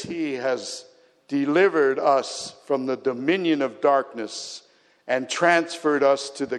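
Man, pastor, sermon, earnest, emphatic builds, lingering church reverb. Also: mid-range voice. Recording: long hall reverb.

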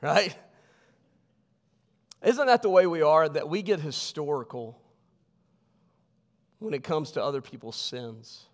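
A male pastor preaching a sermon in a church, swinging from loud emphatic lines to hushed ones. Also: fairly high pitch, takes it slowly, long pauses, in a large hall. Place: church sanctuary.

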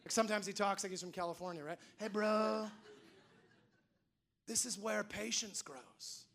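A man preaching a sermon as pastor, telling animated stories and acting out the voices of the people he quotes. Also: very high-pitched.

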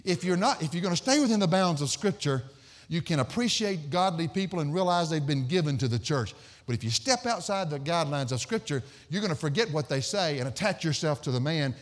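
A man's voice: medium pitch, big-room sound. A man preaching an expository sermon, emphatic and storytelling, repeating phrases for stress.

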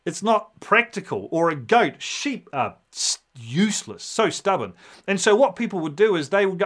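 A man preaching a sermon with a somewhat high voice. He tells it like a story, animated, and acts out the voices of the people in it. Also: moderate pace. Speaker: pastor.

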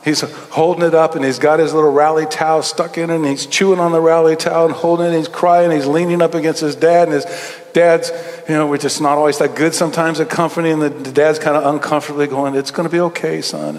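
A middle-aged pastor preaches in a sanctuary with a long, ringing reverb. His voice sits fairly high, and he tells stories, dashing through asides and then slowing down to lean on key words. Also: fairly even intonation. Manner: storytelling, swings between quick asides and slow emphatic phrases. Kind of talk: sermon. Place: church sanctuary.

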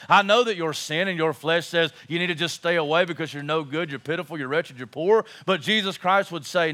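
Man, pastor, fervent sermon, emphatic repetition, bright ringing voice. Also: on the high side. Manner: impassioned, emphatic preaching with repeated phrases.

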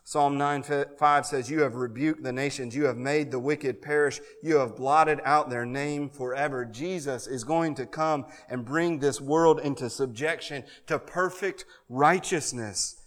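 A male pastor preaching a sermon, moving between soft pleading and loud, fervent calls to come forward. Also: mid-range voice, a little slow, few pauses, long reverb tail. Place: church sanctuary.

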